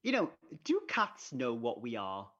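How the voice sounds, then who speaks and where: Husky-voiced man with a lively pitch. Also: a little slow, muffled recording. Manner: playful and animated, laughs often. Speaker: radio presenter, guest. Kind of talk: casual chat.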